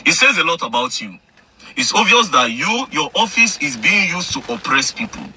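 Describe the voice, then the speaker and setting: Confrontational Nigerian male ranter, bright and animated, repetitive. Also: on the high side, normal speed, a little hiss or hum. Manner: confrontational, repetitive, mixing English and Pidgin. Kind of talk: heated direct-to-camera rant.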